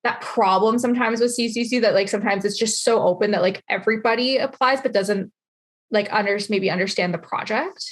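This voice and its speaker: A woman's voice: medium pitch, a little fast. A woman hosting a casual interview, chatty and rambling, saying "like" constantly. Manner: chatty, rambling, heavy use of "like". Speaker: interview host.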